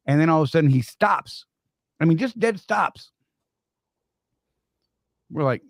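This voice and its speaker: A man's voice: medium pitch, lively intonation, normal speed, pauses often, no room sound, studio quality. A man co-hosting a casual live-stream chat, rambling through stories with frequent restarts. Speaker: co-host.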